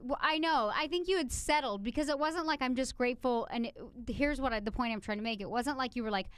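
A woman's voice: high voice, fast, smooth, no room sound. A woman co-hosting a relationship podcast, talking candidly about her marriage and laughing easily. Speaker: podcast co-host. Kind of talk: casual conversation.

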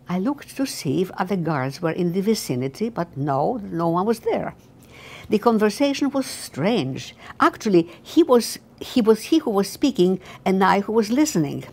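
An elderly woman reads her own memoir aloud at a careful, halting pace, often restarting words. Her voice sits low. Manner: slow, halting reading with restarts. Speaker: memoir author.

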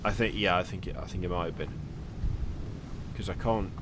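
A man's voice: low-pitched, steady tone, moderate pace, noisy background. A man chatting casually as a gameplay host, rambling with jokey asides. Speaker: gaming channel host.

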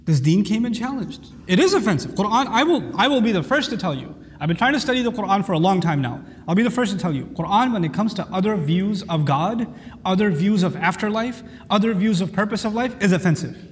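A man's voice: high-pitched, expressive, fairly quick, big-room sound, slight background noise. A man teaching a lecture on the Quran, speaking emphatically and reciting Arabic verses.

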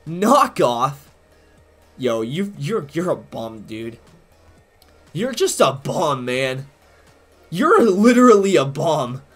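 A man's voice: mid-range voice, a bit bright. A man giving profane, trash-talking live commentary while he plays a competitive game, swinging between rage and jokes.

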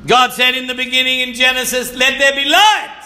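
A man preaching with a high, very bright voice that rings in an echoey church room. He speaks slowly and fervently, repeats his phrases and now and then shouts or sings a line. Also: fairly even intonation. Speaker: pastor. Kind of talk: sermon.

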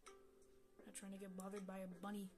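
Excitable cursing woman gaming commentator. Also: mid-range voice, a little fast, over music. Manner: excitable, swears, talks to the game characters. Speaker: gameplay commentator. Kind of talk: casual let's-play commentary.

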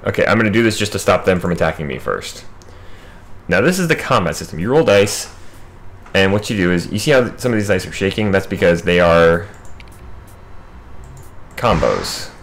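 A man's voice: low-pitched, lively intonation, moderate pace, long pauses. A man hosting a gaming video, talking through his game in a casual, wry running commentary.

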